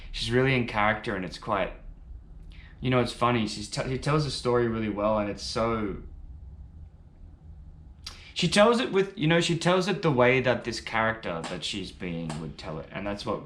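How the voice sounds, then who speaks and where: A man's voice: fairly low pitch, lively intonation, normal speed, a bit bright, echoey room, slight background noise. A man giving casual, enthusiastic first-reaction commentary on music, rambling a little and swearing now and then. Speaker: music reaction video host.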